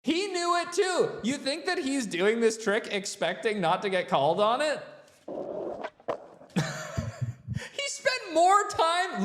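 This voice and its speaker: An extremely high, fairly bright voice echoes through what sounds like a big room. The speaker, hosting a reaction show about a skate video, laughs and curses in disbelief while dissecting the referee's decisions.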